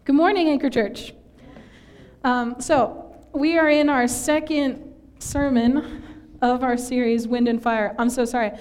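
A woman's voice: high voice, steady tone, measured pace, a little mellow, clear, resonant tone. Chatty, self-mocking woman preacher. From northern Minnesota. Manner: chatty, self-deprecating, laughs often. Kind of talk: sermon. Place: church.

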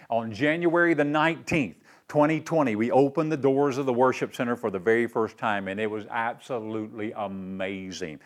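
Folksy pastor preaching. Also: male voice, medium pitch. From East Tennessee, US. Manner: warm folksy storytelling with fillers and "man". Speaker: guest pastor. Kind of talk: sermon.

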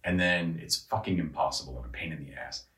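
A man's voice: rumbling low, fairly quick, pushed and bright, roomy sound, far from the mic, poor audio. A man ranting casually and profanely, exasperated and rambling, often restarting his sentences. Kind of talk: casual rant.

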